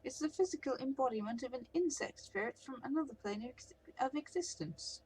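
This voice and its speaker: A woman voicing a flamboyant painted male elf with a high, teasing, sing-song delivery. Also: expressive, brisk, darkish tone, a little hiss or hum, poor audio. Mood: lecturing.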